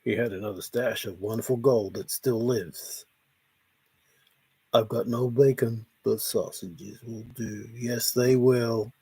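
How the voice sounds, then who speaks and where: A man's voice: medium pitch, steady tone, slow, dark tone, slightly rough, no room sound. A man hosting a casual late-night livestream, reading viewer comments aloud and answering them playfully. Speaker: livestream host.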